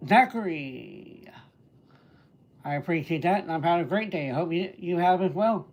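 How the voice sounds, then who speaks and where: A man's voice: a little high, fast, a little mellow. A man hosting a live stream, casually greeting viewers by name and answering their questions. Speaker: livestreamer and entertainer. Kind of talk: casual livestream chat answering viewer comments.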